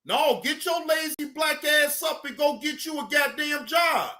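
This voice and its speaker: A man hosting a live stream, ranting loudly and profanely at his audience, often shouting. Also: very high-pitched, a little slow. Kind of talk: heated ranting commentary.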